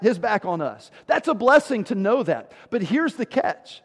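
Male pastor, high voice, emphatic sermon delivery in a church with long reverb. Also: sing-song, normal speed. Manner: emphatic, with rhetorical questions and sudden drops in volume.

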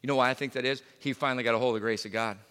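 A man's voice: medium pitch, fairly even intonation, very fast, a bit bright, smooth, big-room sound. A male pastor preaching a sermon in a conversational way, full of fillers and restarts. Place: church sanctuary.

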